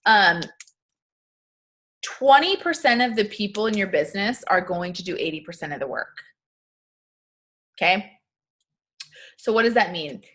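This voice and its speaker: A woman's voice: medium pitch, animated, unhurried, pauses often, a bit bright. Upbeat young woman, casual motivational talk, filler-heavy chatter. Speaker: network marketing team leader.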